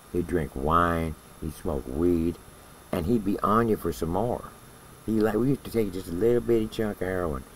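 A man's voice: deep voice, vocal fry, a little hiss or hum, low-quality recording. An older man who served time in prison, casually telling a story in a blunt, profane way and often checking in with "all right?".

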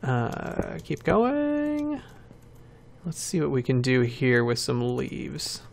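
A man's voice: mid-range voice, huge pitch swings, takes it slowly, vocal fry, a little mellow. A man hosting a game channel, giving casual commentary while building and thinking aloud, with self-mocking asides.

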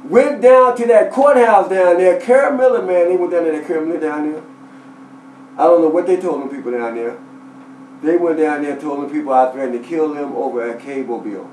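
A man's voice: on the high side, brisk, a little mellow, slight background noise. A man telling his side of a dispute with his landlord, emphatic, repeating points and quoting what others told him. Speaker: tenant telling his story. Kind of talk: animated personal account. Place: inside a rented house. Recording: echoey room, voice from far off.

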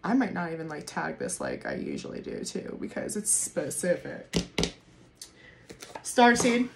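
A woman doing a casual tarot reading to camera, excitable, swearing freely and laughing often. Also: sits low, unhurried, vocal fry, very noisy. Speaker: tarot reader.

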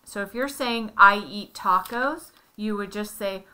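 A bright-voiced woman works through a lesson with one student. She speaks slowly and patiently, building each point step by step with examples. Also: medium pitch. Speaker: tutor.

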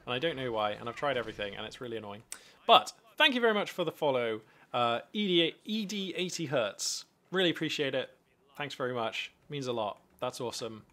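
A man's voice: mid-range voice, a little fast, few pauses. Chatty man casting a strategy match live. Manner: animated, chatty, thinks aloud with frequent restarts. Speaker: live game caster and streamer. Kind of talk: live commentary on a strategy game.

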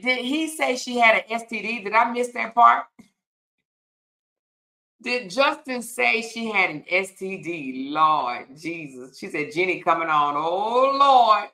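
A woman's voice: fairly low pitch, lively intonation, a little slow, pushed and bright. A woman hosting a casual livestream, reading viewer comments aloud, laughing often and calling her viewers y'all, child and honey. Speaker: livestream host. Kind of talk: casual live-stream chat reading comments.

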